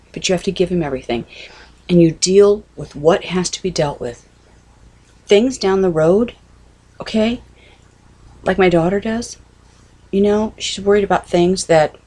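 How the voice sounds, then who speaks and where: Earnest middle-aged woman, husky voice. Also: sits low, a little mellow. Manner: earnest, conversational, repeats "okay?" and "you know". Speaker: Christian vlogger. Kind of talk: casual devotional talk to camera.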